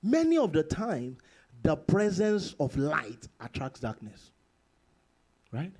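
Speaking a little high, this pastor's pitch swings hugely as he preaches in church. He reads scripture slowly and forcefully, going from loud exclamations to hushed, lingering lines.

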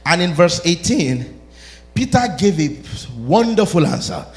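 A man preaching a sermon, animated, rising to shouts and laughing between his points. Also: a little high, unhurried.

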